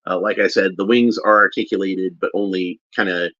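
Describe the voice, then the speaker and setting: Man, low voice, casual toy unboxing talk, halting with restarts, dull muffled sound. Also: fairly even intonation, fairly bright tone, no room sound. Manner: halting, with frequent restarts while handling a figure. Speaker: toy reviewer. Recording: dull lo-fi recording.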